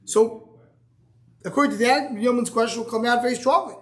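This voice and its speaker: A man's voice: very high-pitched, brisk, a bit bright. Style man teaching a Talmud class. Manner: thinks aloud with many restarts, fields student questions.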